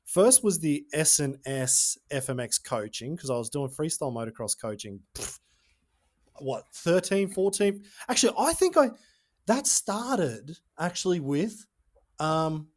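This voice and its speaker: A man's voice: a little high, big pitch swings, measured pace, a little mellow. A man hosting a podcast, speaking in a casual, reflective ramble with hesitant fillers. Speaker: podcast host.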